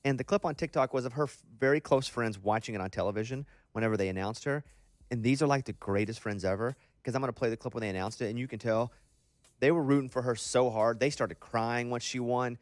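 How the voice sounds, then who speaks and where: A man hosting a radio show, chatting casually and telling stories in an animated, rambling way into a studio microphone. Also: medium pitch, dry recording. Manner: animated storyteller, quick and rambling. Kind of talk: casual morning radio chat.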